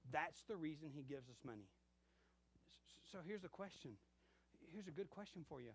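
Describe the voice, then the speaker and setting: A man's voice: a little high, moderate pace, slightly rough. A middle-aged male pastor preaching a sermon, telling stories and acting out bits of dialogue. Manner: animated storytelling with acted-out dialogue.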